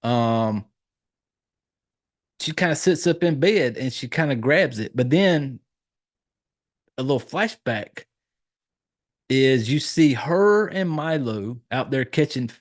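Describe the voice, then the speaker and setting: A Southern-accented man chats loosely through a film recap at an ordinary, mid-range pitch. He swears freely and jumps into the characters' lines with animated asides. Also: slow, long pauses. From Southern United States. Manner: profane, animated storytelling with acted-out quotes. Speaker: podcast host reviewing a horror film. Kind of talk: casual film recap chat.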